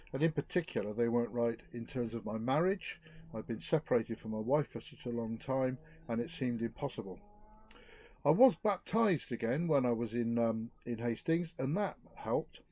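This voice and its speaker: A middle-aged man giving an earnest outdoor talk to a youth group, reflective and lively. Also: mid-range voice. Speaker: youth speaker.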